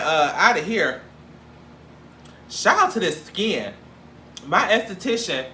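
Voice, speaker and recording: Guy hosting a gossip show, bright forceful voice, echoey room, kinda animated and jokey. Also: fairly high pitch, a little hiss or hum. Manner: animated, jokey, profane, acts out quoted lines. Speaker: show host. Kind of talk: casual gossip commentary. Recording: echoey room with faint ambience.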